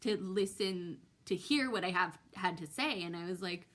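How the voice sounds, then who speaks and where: A woman's voice: fairly low pitch, moderate pace, fairly bright tone. A young woman telling a personal story in a vlog, hesitant and full of ums, emotional and close to tears. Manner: hesitant, many ums and restarts. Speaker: vlogger.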